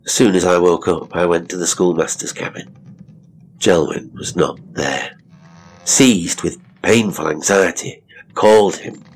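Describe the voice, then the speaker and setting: A man narrating a classic horror tale in measured, dramatic storytelling. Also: low voice.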